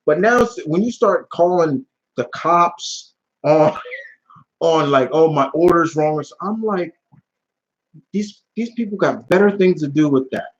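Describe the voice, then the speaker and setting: A man's voice: sits high, a little slow, slightly rough, dull audio. A man hosting a live question-and-answer stream, chatting casually and telling rambling stories full of slang. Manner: rambling, animated storytelling with slang and restarts. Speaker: YouTube channel host answering live chat questions.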